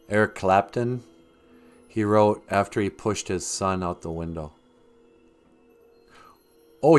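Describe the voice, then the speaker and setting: Slow, lively joking man on a livestream. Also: on the low side. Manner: joking, rambling, talks to chat and laughs at own jokes. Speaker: livestream host. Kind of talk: rambling comedic livestream chat.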